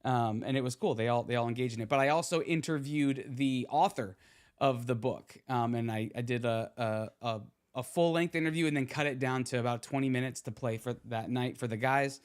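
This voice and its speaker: A man hosting a podcast, talking in a loose, rambling way with lots of ums and restarts. His voice sits at an ordinary middle pitch, relaxed and conversational. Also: a little fast, clear, resonant tone. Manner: rambling, many fillers and restarts. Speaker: podcast host. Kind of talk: casual chat.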